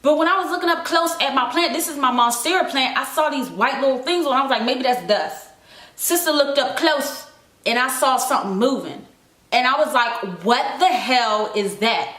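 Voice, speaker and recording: A woman talks fast and frantic straight to camera, begging her viewers for help. Her voice sits high and bright, and the small home room around her gives it a noticeable echo. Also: animated. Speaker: vlogger. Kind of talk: casual vlog to camera. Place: indoors, home room with houseplants. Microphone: camera mic, lit by a ring light.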